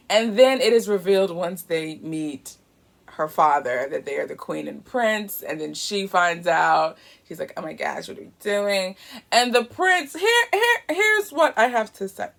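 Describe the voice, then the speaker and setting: Chatty lady reviewing christmas movies, bit of gravel in her voice. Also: fairly low pitch. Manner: animated, chatty, laughs often. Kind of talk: casual chat review.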